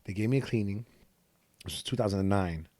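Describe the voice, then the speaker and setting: A man in his late thirties hosting a podcast, telling stories in an animated, slang-heavy way with a slight lisp. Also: on the low side, quick pace, dry recording. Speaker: podcast host. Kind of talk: casual chat.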